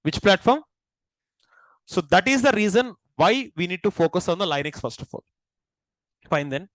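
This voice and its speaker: High-pitched, Indian accent, teacher, repeats key points, dry sound. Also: male voice, lively intonation, normal speed, fairly bright tone, no echo, rough recording. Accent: Indian English. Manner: asks the class questions and repeats key points. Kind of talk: classroom lecture.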